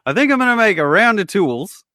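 A man voicing goofy male tool-company staffers in a deliberately poor Australian accent during a comic bit in casual chat. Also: very animated, bright, forceful tone, no room sound, clean studio sound, full character voice. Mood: mocking. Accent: Australian, put on badly. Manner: high mocking caricature voice. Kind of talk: comic impression in podcast chat.

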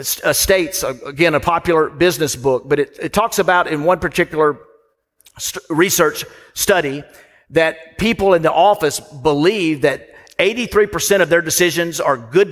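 A man's voice: on the high side, a bit bright. A man delivering a sermon as pastor, conversational and storytelling, with asides to the congregation. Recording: long hall reverb.

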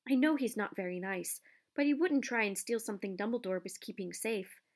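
Clever, principled schoolgirl read by a woman, storybook, firm and measured. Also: mid-range voice, lively intonation.

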